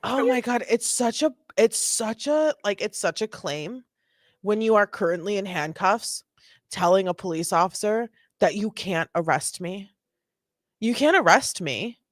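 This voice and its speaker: Slow, chatty woman reacting to videos. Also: mid-range voice, no room sound, studio quality. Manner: chatty, self-deprecating, laughing. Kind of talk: casual reaction commentary.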